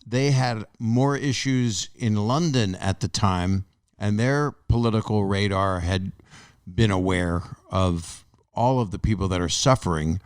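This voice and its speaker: Older man with a smooth low voice. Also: a little slow, dry recording, studio quality. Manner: rambling, restarts sentences, laughs often. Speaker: podcast host. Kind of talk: casual chat.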